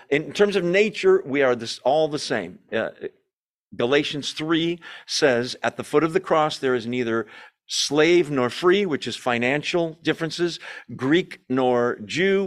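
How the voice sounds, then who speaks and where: Guy teaching bible study, chatty, walks through verses, mid pitch. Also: a bit bright. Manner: conversational, explains verse by verse with asides. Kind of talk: informal teaching.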